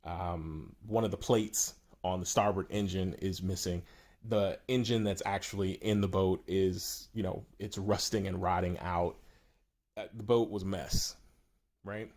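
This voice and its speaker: Low-voiced male yacht broker, casual anecdote to camera, rambling and self-amused. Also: fairly even intonation, unhurried, darkish tone.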